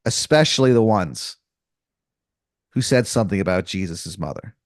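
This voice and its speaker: A man's voice: sits low, expressive, moderate pace, dry recording, studio quality. A man running an improvised comedy story as game master, rambling and casual with lots of fillers, restarts and crude slang.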